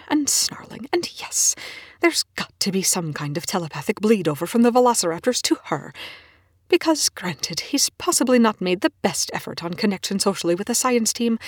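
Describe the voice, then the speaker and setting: Husky woman reading a story aloud. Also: mid-range voice, no echo, clean studio sound. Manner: expressive, swearing, dropping to whispers. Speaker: reader. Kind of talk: fan fiction read aloud.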